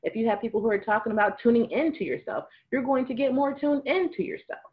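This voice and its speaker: A woman's voice: a little high, animated, fast, highs cut off. A woman giving casual spiritual advice to viewers, chatty and laughing now and then, acting out little dialogues as she goes. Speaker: spiritual advisor.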